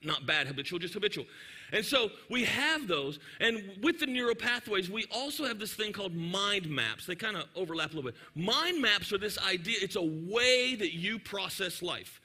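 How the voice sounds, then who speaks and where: A man, preaching to his congregation. He tells a lively, joking story and talks directly to the crowd. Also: high voice, moderate pace, slightly rough. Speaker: pastor. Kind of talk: sermon storytelling.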